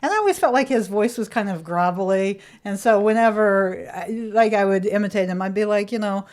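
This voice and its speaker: A woman's voice: medium pitch, a little fast, darkish tone. A middle-aged woman co-hosting a podcast in casual chat, rambling and correcting herself as she goes, laughing often. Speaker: podcast co-host.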